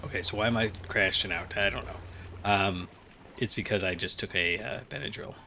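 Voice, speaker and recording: A man's voice: lowish voice, fairly quick, creaky, pushed and bright, a little hiss or hum. A man casually thinking aloud while playing a game, rambling with lots of fillers and sounding a bit groggy. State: groggy after a nap. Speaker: gaming channel host. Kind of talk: casual Let's Play commentary.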